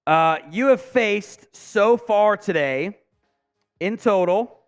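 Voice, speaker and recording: A man's voice: high voice, expressive, slow pace, clear, resonant tone. A man hosting a live fan stream, calling plays and venting frustration at his team while reading viewer messages, swearing often. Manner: frustrated, swearing, reads chat aloud. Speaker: sports stream host. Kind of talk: live play-by-play and fan commentary.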